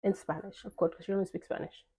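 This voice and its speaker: A woman's voice: mid-range voice, steady tone, quick pace, warm tone, husky. A young woman telling a personal story in casual vlog chat, full of fillers and quoted dialogue. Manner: chatty, filler-heavy, acts out quoted dialogue.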